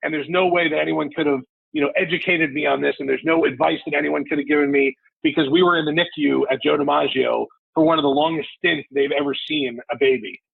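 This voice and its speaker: A man around forty tells a personal story with candid, emotional storytelling and the odd curse. His voice is gravelly and husky, sitting a little high for a man. It comes through a dry, tinny, phone-like remote line. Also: fast talker, hardly any pauses, no room sound. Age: 40s. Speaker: sports radio host, podcast guest. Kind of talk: casual podcast storytelling. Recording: phone-like, lo-fi call audio.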